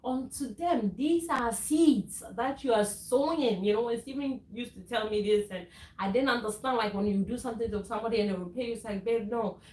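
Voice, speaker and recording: A woman's voice: a little high, brisk, darkish tone, echoey room, rough recording. A woman from Ghana talking casually in a faith-based vlog, earnest and preachy, with frequent laughs and restarts. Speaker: vlogger.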